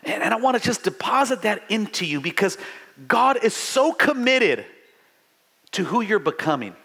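Fervent middle-aged preacher, high bright voice. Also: male voice, big pitch swings, normal speed, creaky, breathy edge. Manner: fervent preaching, stammered restarts, bursts of shouting. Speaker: pastor. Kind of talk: live sermon.

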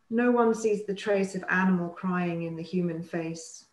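A woman reads poetry aloud at an unhurried, measured pace, letting each line land before moving on. Her voice sits at an ordinary middle pitch. The recording carries a noticeable roomy echo. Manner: slow, deliberate recitation with weighty pauses. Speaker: poet reading aloud. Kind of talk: poetry reading.

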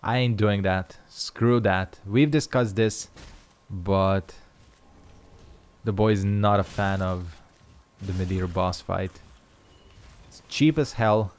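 A man's voice: fairly low pitch, fairly even intonation, takes it slowly, pauses often. A young man casually commenting on his own gameplay, swearing and joking to himself. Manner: swears freely, jokes to himself. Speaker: gaming video host.

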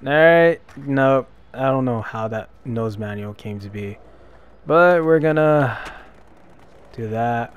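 A young man giving casual let's-play commentary, self-deprecating, with loud frustrated outbursts. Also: medium pitch, slow, clear, resonant tone, dull audio. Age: young adult. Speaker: gameplay commentator.

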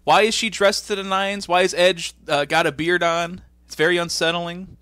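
A man doing an impression of an excitable veteran wrestler, ranting loudly. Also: high voice, normal speed, clean tone, dry recording, studio quality, voice pushed up.

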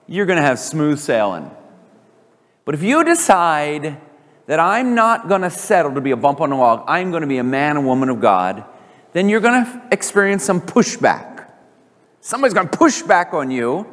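A man preaching a sermon as pastor, animated and emphatic, his voice often climbing high for emphasis. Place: church sanctuary. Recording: church hall reverb.

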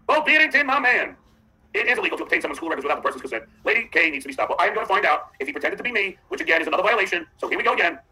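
High bright mocking male podcast host. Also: expressive, very fast, low-quality recording. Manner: combative, mocking. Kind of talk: livestream chat reading.

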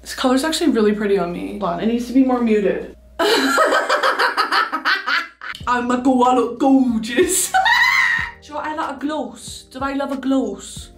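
A young Texan woman fakes an Essex English accent for a comedic makeup tutorial parody, playing a vain, bubbly Essex girl who gushes and calls everyone "babes." Her high voice swings hugely in pitch, a bit slow and heavily acted with frequent pauses, recorded at home with roomy echo and faint music.

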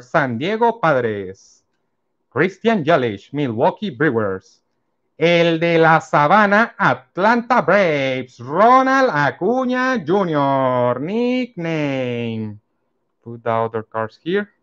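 Slow man reading out baseball cards. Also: on the high side, a bit bright, lo-fi sound. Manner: slow, reads out each card name and team. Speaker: card collector opening packs. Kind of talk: casual card-opening commentary.

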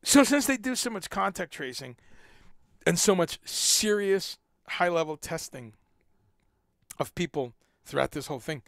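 A man's voice: high voice, animated, measured pace, a bit bright, no room sound, studio quality. A man hosting a casual livestream, rambling and repeating words as he talks, now and then swearing. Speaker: livestream host.

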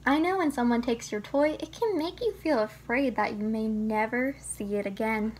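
High-voiced woman reading a storybook. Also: moderate pace, husky. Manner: gentle, teaching tone, speaks to the child listener. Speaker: children's book reader. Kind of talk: storybook read-aloud.

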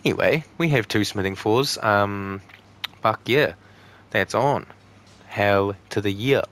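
Taking it slowly, a young man with a lowish, fairly bright voice hosts a let's play for his gaming channel. He jokes, swears, and trades words with the enemies on screen.

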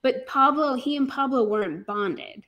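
A woman with a fairly high voice, chatting on a live stream. She rambles and gets emotional, breaking into laughs and sighs as she talks. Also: normal speed, a bit bright. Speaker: co-host. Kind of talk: casual chat on a live stream.

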